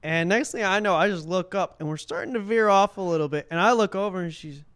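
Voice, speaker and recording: Young comic guest, 20s, high-ish clean voice, animated storyteller acting out scenes. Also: male voice, quick pace, clean tone. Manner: animated, laughing storyteller who acts out scenes. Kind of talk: casual storytelling. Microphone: podcast microphone.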